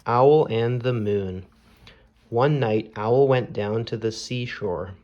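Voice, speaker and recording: A man reading a children's storybook aloud in a slow, measured storytelling manner. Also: mid-range voice, a little mellow, muffled recording. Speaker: storybook reader.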